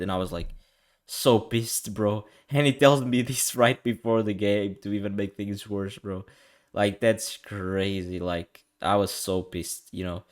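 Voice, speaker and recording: A young man casually recapping his own chess tournament game, telling the story in an animated, exasperated way full of slang and acting out what was said. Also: on the low side, unhurried. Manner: animated, exasperated, slangy, acts out quoted lines.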